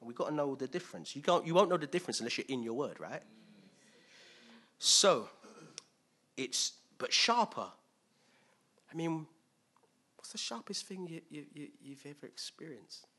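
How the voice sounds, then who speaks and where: Male preacher, conversational sermon; bright, slightly husky voice with lively pitch swings, restarts and loud punches. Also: moderate pace, pauses often. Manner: animated, swings between loud emphasis and quiet asides; thinks aloud with restarts and acts out quotes.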